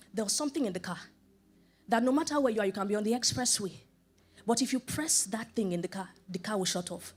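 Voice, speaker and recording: A middle-aged woman preacher giving a sermon, acting out scripture quotes and dialogue, asking rhetorical questions over and over and laughing often between her points. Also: mid-range voice. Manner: rhetorical questions, repeated for emphasis. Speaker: preacher and life coach.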